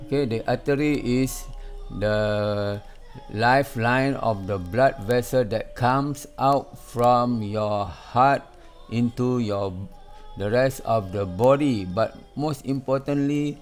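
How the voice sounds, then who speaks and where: Slow, emphatic man rebutting an opponent. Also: mid-range voice, a little mellow. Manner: addresses opponent directly, repeats words for emphasis, many "okay?". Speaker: video host responding to a clip. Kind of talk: argumentative commentary.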